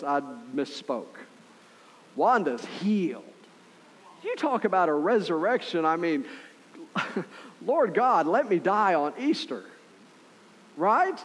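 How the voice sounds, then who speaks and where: A middle-aged male pastor preaching a sermon in a conversational, earnest way, often checking in with listeners with quick asides. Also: sits high, husky.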